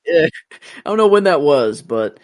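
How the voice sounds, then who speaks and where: A man's voice: fairly high pitch, sing-song, unhurried, dry recording, studio quality. A man co-hosting a podcast in casual chat, hesitant and often trailing off. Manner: hesitant, trails off with "I don't know". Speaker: podcast co-host.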